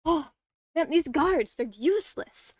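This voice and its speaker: A woman's voice: sits high, expressive, measured pace, no room sound, studio quality, pitched above the performer's own voice. A woman voicing a frightened farmer's wife who rambles and stammers. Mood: panicked.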